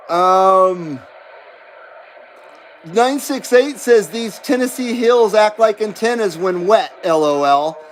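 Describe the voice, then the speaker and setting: Man, CB radio stream host, high voice, rambling casual chat, reads chat aloud, steady background noise. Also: slow pace, long pauses, low-quality recording. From western United States. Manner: rambling and self-deprecating, laughs often, many fillers. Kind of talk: casual livestream chat, reading chat messages aloud.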